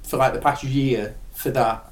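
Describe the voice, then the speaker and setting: A man's voice: medium pitch, fairly even intonation, unhurried. A young adult man, chatting casually and enthusiastically, swearing now and then. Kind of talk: casual chat. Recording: echoey room.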